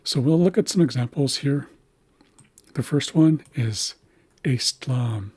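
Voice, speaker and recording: A man teaching a language's writing system, slowly explaining letters and repeating words to model their pronunciation. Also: fairly high pitch, warm tone, husky, no echo.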